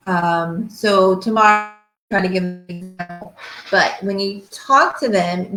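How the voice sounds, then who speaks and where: A woman's voice: medium pitch, a bit bright. Chatty woman teaching parents, echoey room. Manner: chatty, checks in with listeners often. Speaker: pediatric physical therapist teaching a parenting workshop. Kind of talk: casual workshop lecture.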